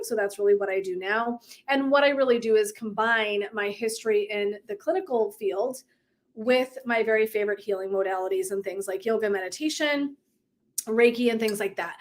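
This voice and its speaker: A middle-aged woman wellness coach chatting casually on a live stream, telling a story with frequent laughter. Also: fairly high pitch. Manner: bubbly, laughing often, animated storytelling. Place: indoors at home, seated in a chair.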